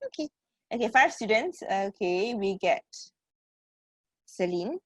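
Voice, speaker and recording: Slow, expressive and fairly bright, this mid-range female voice belongs to a Singaporean-accented teacher giving an online English lesson over a computer mic. The sound stays dry and close with no echo, and she calls students sweetheart while constantly asking "okay" and "right?".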